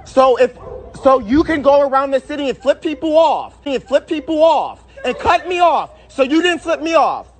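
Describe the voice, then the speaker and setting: A man's voice: very high voice, animated, normal speed. A man filming on a phone, insistently questioning a woman who offended him. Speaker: confronting driver filming.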